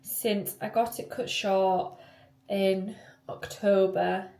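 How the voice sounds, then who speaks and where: A woman's voice: medium pitch, fairly even intonation, slow pace, mellow. Chatty young woman vlogging. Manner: chatty, rambling, upbeat. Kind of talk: casual vlog narration. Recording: roomy echo.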